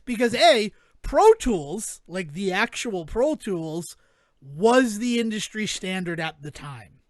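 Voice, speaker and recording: A man's voice: sits high, very animated, slow, no room sound. A man in his thirties co-hosting a podcast, telling rambling stories with frequent chuckles. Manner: rambling storyteller, chuckles often. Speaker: podcast co-host. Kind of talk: casual chat.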